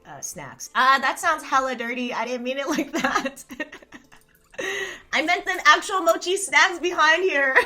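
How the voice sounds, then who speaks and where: A woman's voice: fairly high pitch, sharp tone. A woman in her thirties from California, hosting a casual live stream, reading chat aloud in a rambling, giggly, self-mocking way. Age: 30s.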